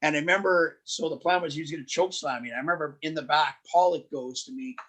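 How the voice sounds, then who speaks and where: A man guest on a podcast, telling road stories in a lively, animated way, often restarting his sentences. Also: fairly high pitch, fast talker. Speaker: wrestling promoter and guest. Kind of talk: casual podcast storytelling.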